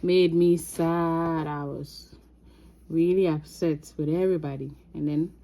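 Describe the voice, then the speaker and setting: Ghanaian woman telling a lively personal story. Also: low voice, measured pace. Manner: animated, laughs often, dramatizes her past self. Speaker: crafting vlogger. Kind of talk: casual storytelling.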